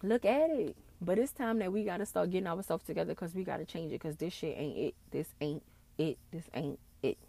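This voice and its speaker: Gravelly impassioned woman podcaster. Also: on the low side, fairly quick, mellow. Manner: impassioned, ranting with repeated phrases and slang. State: tearful. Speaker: podcast host. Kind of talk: emotional solo podcast monologue.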